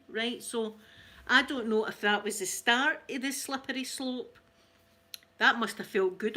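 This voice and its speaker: A woman's voice: on the high side, moderate pace, sharp tone. A middle-aged Scottish woman hosting an ASMR channel, chatting casually and telling family stories, often laughing and acting out quoted voices. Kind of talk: casual storytelling chat.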